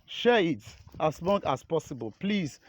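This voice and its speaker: A man's voice: fairly high pitch, expressive, measured pace, background noise. Urgent Nigerian man pleading outdoors. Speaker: local resident filming his community. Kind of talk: pleading phone video outdoors. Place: outdoors by an eroded road.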